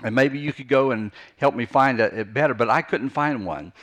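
A man's voice: mid-range voice, normal speed, a bit bright. A man preaching an unscripted teaching sermon, earnest, often repeating phrases for emphasis and restarting his sentences. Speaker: pastor.

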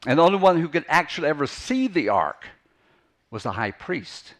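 A man's voice: on the high side, sing-song, normal speed, a bit bright. A man preaching an unscripted teaching sermon, earnest, often repeating phrases for emphasis and restarting his sentences. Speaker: pastor.

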